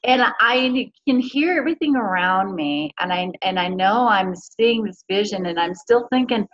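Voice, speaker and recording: A woman's voice: mid-range voice, lively intonation, normal speed, fairly bright tone. A woman in a casual spiritual chat, telling a personal story in an earnest, rambling way. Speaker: co-host. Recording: dull lo-fi audio with faint noise.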